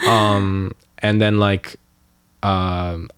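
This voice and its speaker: A man's voice: low voice, flat delivery, extremely slow, a bit bright, clean tone, no echo. A young man, a podcast co-host, ranting in casual chat with lots of swearing and filler words. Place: Los Angeles area.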